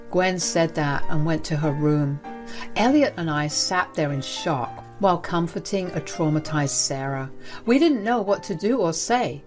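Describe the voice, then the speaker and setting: A woman narrating a family drama story in a steady, earnest scripted read. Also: low voice, measured pace, soft background music.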